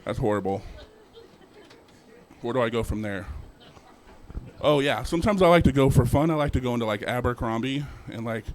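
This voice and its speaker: A young man performing a stand-up set at an open mic, animated, acting out characters in sudden put-on voices. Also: medium pitch, brisk, a little hiss or hum. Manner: animated, acts out characters with jumps in voice. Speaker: stand-up comedian.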